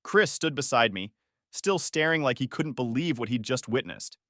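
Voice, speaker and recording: A man's voice: mid-range voice, animated, normal speed, fairly bright tone, no room sound, clean studio sound. A man narrating a first-person story in a tense, dramatic way.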